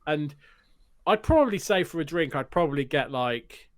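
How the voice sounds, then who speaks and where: A British man co-hosting a podcast in casual chat, telling stories in an animated, teasing way. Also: fairly high pitch, normal speed, no room sound. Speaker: podcast co-host.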